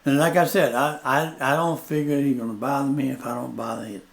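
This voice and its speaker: An older man, a plainspoken interview guest telling stories slowly and repeating his points. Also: medium pitch, steady tone, creaky. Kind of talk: storytelling in casual conversation.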